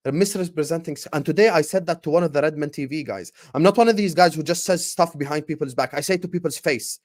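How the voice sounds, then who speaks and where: A man hosting a fan livestream in an animated, fired-up rant, his voice sitting a little higher than most men's. He talks passionately to his chat and stumbles over repeated words when he gets going. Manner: passionate, fired-up, shouting out viewers. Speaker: football fan channel host.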